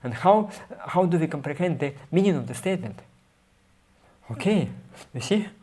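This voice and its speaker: A man teaching a scripture class, reading passages aloud and explaining them haltingly, with many fillers and restarts. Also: a little high, animated, dark tone. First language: Russian.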